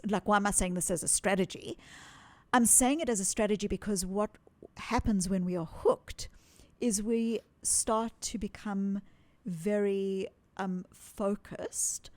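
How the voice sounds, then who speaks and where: A woman talks earnestly through a psychological idea, animated and often doubling back on words for emphasis. Her pitch sits in a middle range. The sound is dry and close, with no room around it. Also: no room sound. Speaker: psychologist guest. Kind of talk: interview, explaining ideas.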